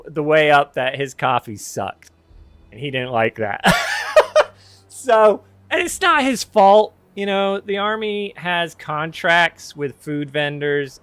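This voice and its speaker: A man's voice: a little high, expressive, slow, fairly bright tone, clean tone, no room sound. A man casually telling a personal story on his podcast, rambling and correcting himself with wry candor.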